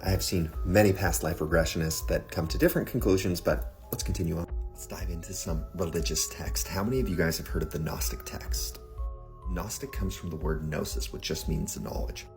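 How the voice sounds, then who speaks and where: A man with a very low, deep voice talks straight to his viewers in a relaxed vlog. He keeps it chatty and checks in with them often. Soft music plays faintly underneath. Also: creaky. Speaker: social media creator. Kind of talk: casual vlog commentary to viewers.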